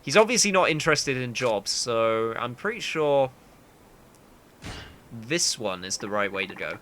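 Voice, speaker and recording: A man comments on a game he is playing, his remarks dry and wry. His voice is bright and forward. Faint noise hums in the background. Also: mid-range voice, very animated, measured pace, pauses often. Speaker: gaming video host. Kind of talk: let's play commentary.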